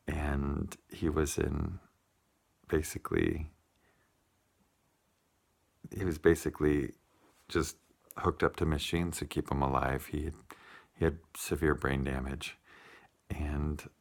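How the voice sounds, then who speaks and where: A man telling a heartfelt personal story in a vlog, unhurried, with many pauses and fillers. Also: very deep voice, gravelly. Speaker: vlogger.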